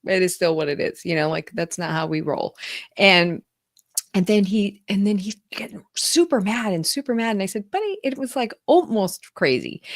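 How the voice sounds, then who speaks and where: A woman in her forties hosting a podcast, telling a family story in an animated way, acting out the dialogue with lots of fillers. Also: on the low side, dry recording, clean studio sound. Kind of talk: conversational interview storytelling.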